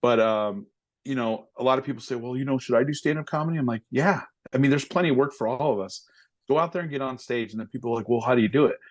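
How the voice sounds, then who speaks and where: A man in his forties talks casually as a guest, a police officer who also does stand-up. He tells his bits with animated energy and drops into quick voices of the people he mocks. His voice sits in an ordinary middle pitch. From United States. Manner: animated storyteller, slips into impressions of people. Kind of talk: casual interview chat.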